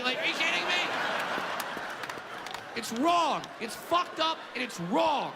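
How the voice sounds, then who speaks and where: A male stand-up comedian on stage, ranting brashly with profanity and bursts of shouting. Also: very high-pitched, expressive, measured pace, creaky, pauses often, a loud crowd. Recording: echoey hall, audience noise.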